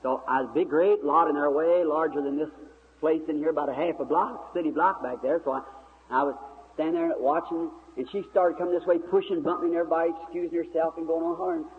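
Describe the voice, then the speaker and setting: A man's voice: a little high, steady tone, fast. A man preaching a sermon, telling a story in a folksy, vivid way and acting out the dialogue. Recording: tinny old recording in a reverberant hall, faint hiss.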